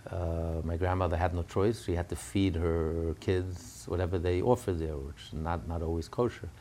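A man with a low, slightly mellow voice, recorded with a little hiss or hum, preaches a sermon framed around a family story. He talks conversationally with fillers and restarts, building to fervent, emphatic peaks.

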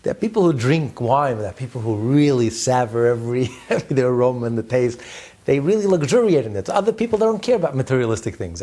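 A man teaching a religious class in a lively, conversational way. He swings between loud and soft, chuckles often and repeats words as he explains. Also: mid-range voice, a little fast, slightly rough.

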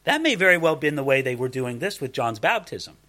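A man preaching a sermon, animated and conversational, often asking rhetorical questions. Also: mid-range voice, brisk. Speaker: pastor.

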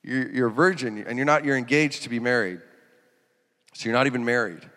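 A man preaching a sermon. He talks in an animated way, laughs, and acts out quotes in sudden loud, high bursts. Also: brisk. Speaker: pastor. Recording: reverberant hall.

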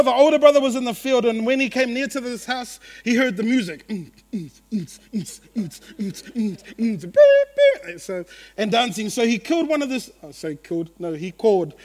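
Animated high-voiced male preacher. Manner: animated, acts out quotes, laughs at own jokes. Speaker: pastor. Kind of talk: sermon.

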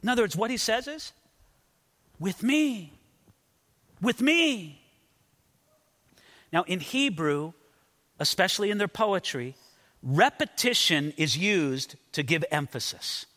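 A man's voice: sits high, expressive, normal speed, bright, forceful tone, big-room sound. A man preaching an expository sermon as a pastor, earnest and emphatic, often repeating words as he stresses a point.

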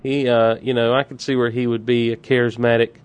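A man's voice: mid-range voice, level tone, fairly quick, clean tone. A man co-hosts a casual fan podcast with a wry, joking manner. He is blunt and opinionated in his back-and-forth chat. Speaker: podcast co-host.

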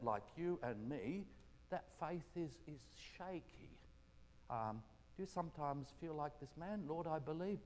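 A man preaching a gentle, conversational sermon full of rhetorical questions. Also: on the high side. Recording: echoey hall reverb.

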